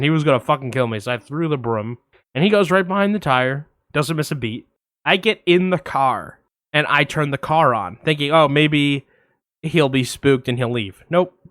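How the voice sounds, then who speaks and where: A young man co-hosting a podcast, telling a long story in a casual, animated way, swearing freely and acting out the voices of others. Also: fairly high pitch, no room sound, clean studio sound. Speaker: podcast co-host.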